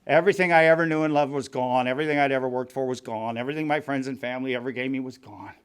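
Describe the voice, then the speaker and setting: A man's voice: medium pitch, steady tone, rapid-fire, smooth. A middle-aged man telling his recovery story to a meeting group in a blunt, profane, wry way. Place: meeting room.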